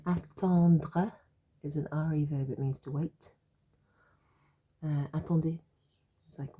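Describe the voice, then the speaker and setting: A woman with a sore throat, teaching French by patiently explaining silly jokes and repeating each word slowly. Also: low-pitched, steady tone, warm tone, slightly rough.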